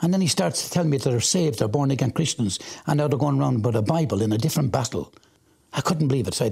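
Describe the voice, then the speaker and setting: A middle-aged Irish man tells his story with a deeply gravelly, husky voice. He brings the tale to life, acting out what each person said. His delivery stays personal and direct throughout. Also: lively intonation, fast, a little mellow. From Ireland. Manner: vivid storytelling, acts out quoted talk. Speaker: interviewee. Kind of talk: personal testimony.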